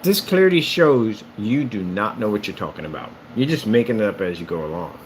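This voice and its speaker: A man's voice: on the low side, lively intonation, fairly quick, a little hiss or hum. A man who makes screen paint rants at a rival in a combative, mocking tone, repeating his jabs. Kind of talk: ranting vlog.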